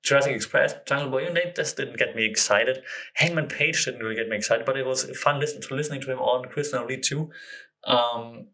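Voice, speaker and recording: Podcast host: a man with a bright, forceful voice at a middle pitch, talking casually and rambling as he thinks aloud. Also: fast. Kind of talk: casual solo podcast chat.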